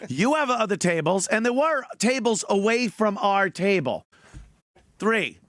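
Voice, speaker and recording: A middle-aged podcast co-host cracks jokes and keeps chiming in with quick agreement. His voice is bright, edgy and a bit high, recorded close and dry. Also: very animated, no room sound. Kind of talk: casual podcast chat.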